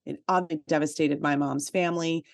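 A woman's voice: deep voice, fairly even intonation, fairly quick, gravelly, no room sound. A woman co-hosting a podcast, telling a personal story in casual chat, with chatty "like" fillers and emphatic asides. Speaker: podcast co-host.

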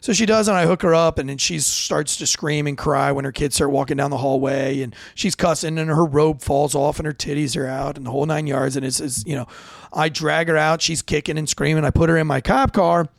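A man's voice: fairly high pitch, fairly quick, gravelly, dry recording. A young man, a police officer, casually telling a story from a call and acting out the voices of the people in it. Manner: animated, acts out quoted voices.

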